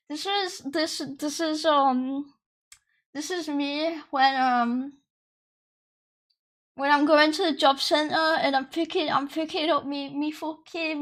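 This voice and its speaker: A young woman chats casually through a VTuber reaction stream. Her voice is very high and sharply bright. She giggles often and swears freely.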